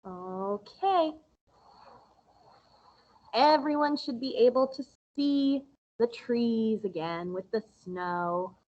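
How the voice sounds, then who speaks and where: A woman music teacher giving a recorded lesson to young children, explaining slowly and patiently in a sing-song way. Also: a little high, highs cut off.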